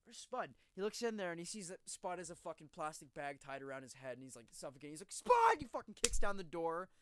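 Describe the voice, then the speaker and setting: A man co-hosting a podcast in casual chat, retelling stories with lively energy and plenty of swearing. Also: fairly high pitch, fast, smooth, no echo. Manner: animated storyteller, swears freely. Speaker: podcast co-host.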